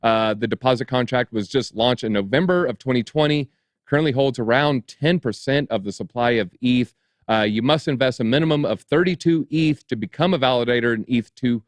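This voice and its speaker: Reading market news at a brisk clip, this medium-pitched man adds dry, sarcastic remarks after each headline as co-host of a crypto show doing news commentary. The recording is dry.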